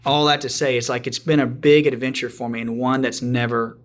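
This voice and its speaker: Man, podcast guest, casual storytelling, chatty, lots of restarts, mid pitch. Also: fairly quick. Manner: animated, chatty, many restarts and asides. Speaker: podcast guest, frequency medicine practitioner.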